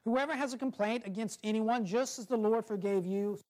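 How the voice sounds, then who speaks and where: Slow and measured, a man's high-pitched voice carries a sermon in which he tells a story and reads scripture aloud, each phrase trailing softly downward at its close.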